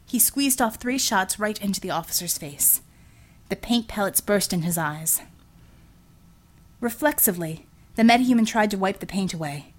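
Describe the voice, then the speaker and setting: A woman giving a steady, measured scripted audiobook narration. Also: mid-range voice.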